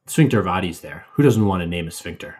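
A man co-hosting a podcast, explaining things in a relaxed, casual way with playful asides. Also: sits low, fast talker, breathy edge. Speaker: podcast co-host. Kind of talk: casual educational chat.

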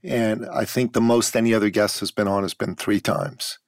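A man hosting a podcast interview, speaking in a measured way with warm praise for a past guest. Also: on the low side, steady tone, no echo, clean studio sound. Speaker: podcast host.

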